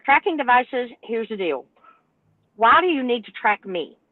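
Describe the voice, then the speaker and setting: A woman, a truck driver telling an exasperated, animated story on a podcast panel. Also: a little high, a little slow, slight background noise. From North Carolina, US. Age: 60s. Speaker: truck driver and owner operator, panel guest. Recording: tinny phone-like line, dry.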